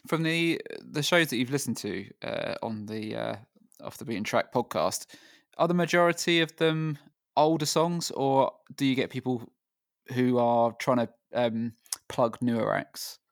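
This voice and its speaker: A man co-hosting a casual music podcast, speaking in a thoughtful, measured way with some hedging fillers. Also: mid-range voice, creaky, no echo, clean studio sound. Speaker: podcast co-host.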